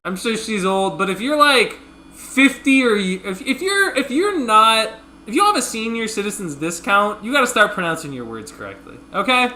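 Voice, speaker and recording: A man co-hosting a casual sports chat show, animated and teasing, laughing often. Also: high voice, moderate pace. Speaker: podcast co-host.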